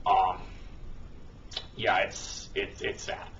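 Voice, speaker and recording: A man's voice: low-pitched, monotone, extremely slow, fairly bright tone. A man reading an article aloud and breaking off into sarcastic, profane ranting asides. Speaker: online commentator. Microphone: cheap microphone. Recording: dull distant lo-fi home mic.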